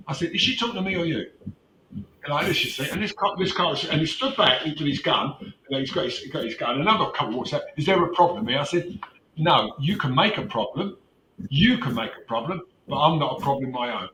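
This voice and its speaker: An animated man tells a story in casual chat, acting out every quoted line with a bright, forceful edge. He sits away from the mic, and the room adds a roomy echo. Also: a little high, brisk. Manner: animated, acts out quoted dialogue, rhetorical questions. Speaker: activist recounting a street confrontation. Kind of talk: casual storytelling on a video call. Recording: roomy distant mic with faint noise.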